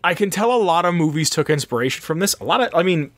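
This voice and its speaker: A man's voice: a little high, expressive, fast talker, fairly bright tone. A man co-hosting a podcast, rambling casually and profanely about an old movie and acting out its lines. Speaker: podcast co-host. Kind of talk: casual movie review chat.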